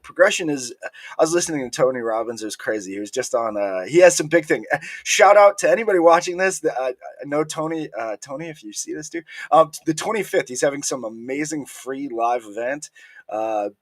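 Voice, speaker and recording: A man co-hosting a casual live-stream chat, enthusiastic and quick to chime in with agreement. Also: medium pitch, animated, dry recording. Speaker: co-host.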